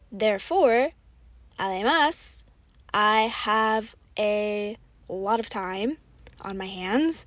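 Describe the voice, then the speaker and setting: Slow-talking young American woman host. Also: mid-range voice, no room sound. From United States. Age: 20s. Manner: chatty and self-deprecating, with soft asides. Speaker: podcast host. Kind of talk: slow, clear podcast talk for learners.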